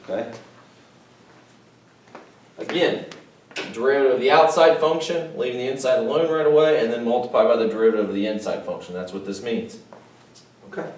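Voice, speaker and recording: A man's voice: mid-range voice, brisk, pauses often, a little hiss or hum. A male math teacher lecturing his class step by step, checking in with "okay" and addressing the students as "guys". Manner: explains step by step, often saying "okay" and "guys". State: voice cracking a little. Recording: echoey room, mic far off.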